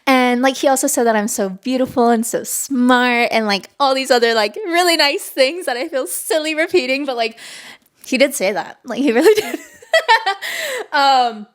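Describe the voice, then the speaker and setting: A somewhat high-voiced young woman in her twenties hosts a solo podcast, talking casually and warmly. She gushes, leans on "like" constantly, and her voice keeps edging toward emotional giggles. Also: normal speed. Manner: chatty and gushing, heavy use of "like" fillers. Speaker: podcast host.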